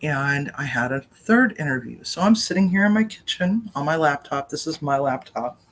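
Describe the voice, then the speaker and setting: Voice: mid-range voice, lively intonation, normal speed, fairly bright tone. Rambling vlogger talking into a laptop webcam. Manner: rambling storytelling with tangents. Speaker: chef and cooking vlogger. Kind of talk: casual personal update vlog. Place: home kitchen.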